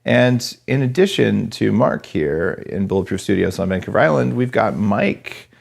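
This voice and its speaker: A man from New Mexico hosting a podcast interview in a chatty, joking way. His voice sits on the low side with a gravelly rasp. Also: lively intonation, moderate pace. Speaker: podcast host.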